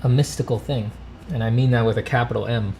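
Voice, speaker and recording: A man's voice: mid-range voice, fairly even intonation, quick pace, creaky, darkish tone, slight background noise. A man hosting a casual livestream, answering viewer questions and thanking donors with dry, self-mocking humor. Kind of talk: casual livestream chat, reading donations.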